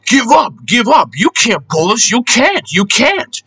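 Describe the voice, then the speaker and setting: A man's voice: extremely high pitch, big pitch swings, unhurried, pushed and bright, husky, voice pushed up, heavily acted. A man voicing a gang of unruly freight trucks in a storybook, screeching and taunting. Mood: jeering.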